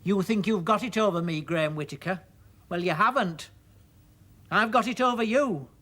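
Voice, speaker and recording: Stage monologue: a self-pitying, sharp-tongued mother in her seventies, played by a man, high and swooping. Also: very animated, measured pace, breathy edge, full character voice. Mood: shrill, accusing. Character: tearful, sharp-tongued elderly mother, aged 72.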